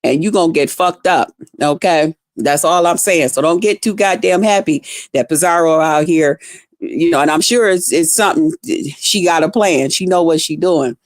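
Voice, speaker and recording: A woman vlogger telling a story in a casual, profane, animated way, jumping into loud reenactments of herself. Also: low voice, normal speed, no echo, studio quality.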